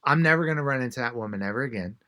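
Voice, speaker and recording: A man, an author being interviewed, telling a story in an animated way and acting out the quotes. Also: medium pitch, racing. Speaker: author and guest.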